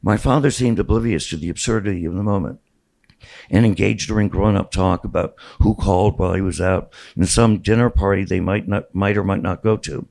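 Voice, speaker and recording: A man's voice: sits low, a little fast, vocal fry, darkish tone, poor audio. A man in his sixties reading from his own memoir aloud at a bookstore event, wry and storytelling. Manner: storytelling, wry, with small restarts. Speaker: author.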